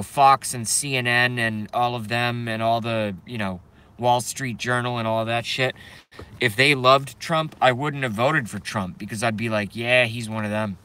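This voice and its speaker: A man's voice: mid-range voice, fairly even intonation, unhurried, pushed and bright, clean tone. A man ranting to viewers on a live stream from his parked car, swearing and agitated.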